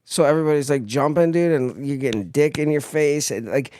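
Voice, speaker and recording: A young man, a former Marine, casually telling profane stories on a podcast in an animated way. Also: a little high, a little fast, clear, resonant tone. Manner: profane storytelling, animated in anecdotes. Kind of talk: casual chat.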